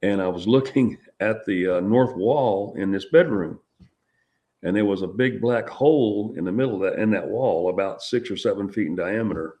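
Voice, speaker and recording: A middle-aged man appears as an interview guest, recounting a personal experience in a halting, rambling way with many restarts. His voice is lowish and warm.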